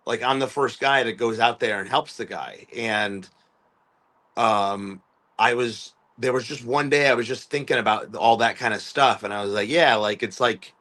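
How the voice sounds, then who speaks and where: A man's voice: medium pitch, moderate pace, fairly bright tone. Rambling man musician. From US East Coast. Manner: rambling, many fillers and restarts, acts out quoted voices. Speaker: musician guest. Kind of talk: casual conversational storytelling.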